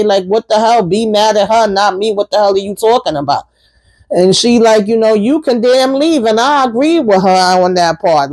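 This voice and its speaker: A woman hosting a casual TV episode recap, talking in an animated, sassy way and swearing offhandedly. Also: mid-range voice, dry recording, low-quality recording.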